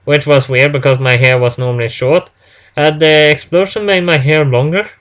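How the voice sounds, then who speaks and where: A man reading a first-person story aloud in a halting way, stumbling and restarting words often. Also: fairly high pitch, steady tone, a bit bright. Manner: halting, with frequent restarts and fillers.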